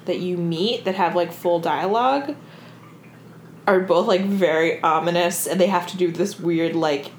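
A woman's voice: fairly low pitch, measured pace. A woman co-hosting a podcast, chatting casually about a book with lots of fillers and swearing. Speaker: podcast co-host. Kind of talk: casual book discussion chat. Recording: echoey room with faint background noise.

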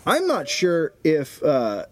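Animated crude-joking man. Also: on the high side, slow, no echo. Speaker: podcast co-host. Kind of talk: casual comedic banter.

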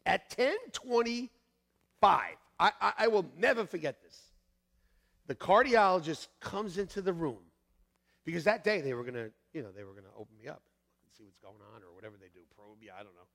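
Male pastor, middle-aged, storytelling sermon; high, lively voice with gravel, long hall reverb. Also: brisk. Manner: animated, acts out voices with shouts and laughs. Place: church sanctuary.

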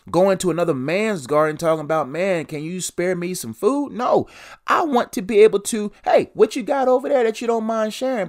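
A young adult man hosting a solo devotional podcast, preaching with repeated phrases and strong emphasis. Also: fairly high pitch.

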